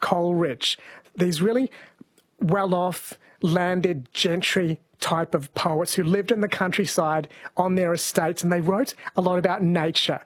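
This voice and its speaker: A man's voice: sits high, steady tone, measured pace, no echo. A man co-hosting a comedy podcast, explaining at length in a lecturing tone. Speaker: co-host. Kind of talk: casual comedy podcast chat.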